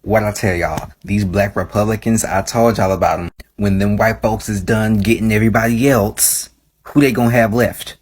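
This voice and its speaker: A man with a low voice speaks in a scornful, preachy tone. He delivers casual political commentary straight at his viewers. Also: fairly even intonation, normal speed, darkish tone.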